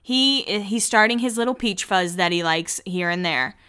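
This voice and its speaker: A chatty woman hosts a casual podcast, gossiping playfully through a TV recap. Her voice is bright and smooth. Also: medium pitch, normal speed. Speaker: podcast host.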